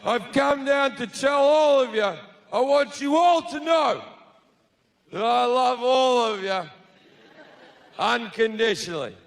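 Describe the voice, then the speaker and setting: A man voicing a loud, swaggering male God at a party, brash and self-important. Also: very high voice, slow pace, creaky, pauses often, pitched above the performer's own voice, exaggerated voice. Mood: demanding.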